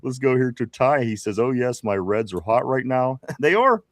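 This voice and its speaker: A man co-hosts a live sports chat, reading out viewer comments. His voice sits at an ordinary middle pitch, easygoing and quick to laugh. The sound is dry and close, with no room around it. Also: expressive, no echo. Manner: laughs often, reads viewer comments aloud. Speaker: co-host.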